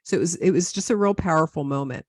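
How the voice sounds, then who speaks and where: A woman presenter introducing a video in a talk, explaining step by step in a measured way. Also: low-pitched, no echo, clean studio sound.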